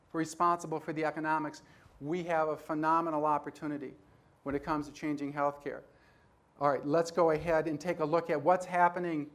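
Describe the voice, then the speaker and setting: A man in his sixties giving a conference talk, telling stories and acting out dialogue with animated energy. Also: on the high side. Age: 60s. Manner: animated storyteller who acts out dialogue. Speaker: conference speaker. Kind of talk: storytelling keynote talk.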